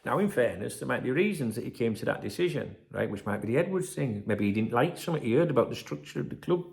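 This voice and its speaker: Fella ranting on his footy channel, swears loads, rambles all over, medium pitch. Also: quick pace, creaky. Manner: animated, sweary, rambling, bitter banter. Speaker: football channel host. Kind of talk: casual ranting vlog.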